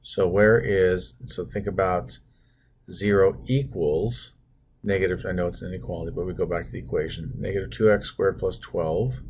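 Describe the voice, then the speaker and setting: This man's voice sits low with a darkish tone, and there's slight background noise. He's teaching math in a screen recording, narrating each step as he draws and making self-deprecating remarks.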